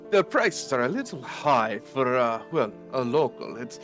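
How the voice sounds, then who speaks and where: A man's voice: mid-range voice, very animated, measured pace, fairly bright tone, faint music behind. A man playing a tabletop game as a player, haggling in a wry way. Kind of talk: tabletop role-play.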